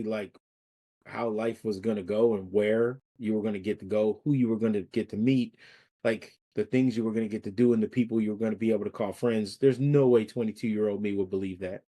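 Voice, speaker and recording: A man's voice: lowish voice, fairly even intonation, normal speed, dark tone. A man in his fifties, a podcast guest, telling stories in loose, slangy casual chat and laughing through his lines. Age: 50s.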